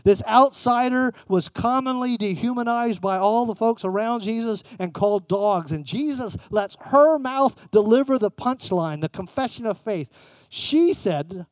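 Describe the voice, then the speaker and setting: A man with a notably high voice delivers a sermon as pastor. He drives his points with emphatic lifts, then drops to hushed, intimate phrasing. The sound is dry and close. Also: expressive, measured pace, no room sound. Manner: emphatic, swings between raised and hushed delivery.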